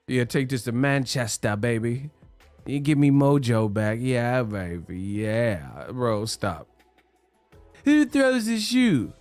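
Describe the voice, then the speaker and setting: A man hosting a boxing livestream, talking in animated slang and laughing often. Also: medium pitch, slow pace, dry recording, soft background music. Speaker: boxing channel host. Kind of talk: livestream commentary.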